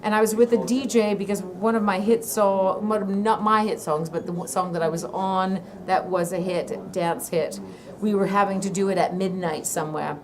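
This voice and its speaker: Animated woman singer telling stories. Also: mid-range voice, moderate pace. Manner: laughing, animated storytelling. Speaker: guest, singer. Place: pub. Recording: live bar crowd behind.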